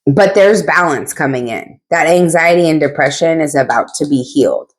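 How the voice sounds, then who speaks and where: A woman's voice: low voice, normal speed. A woman giving a casual tarot reading, talking in a blunt, chatty way with frequent asides and casual swearing. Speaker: tarot reader.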